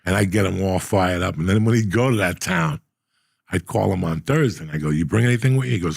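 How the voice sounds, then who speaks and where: A middle-aged man telling profane stories in a casual, animated way, acting out the people he quotes. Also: sits low, fast talker, gravelly, slightly rough, dry recording, studio quality. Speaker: podcast host. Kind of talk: casual storytelling.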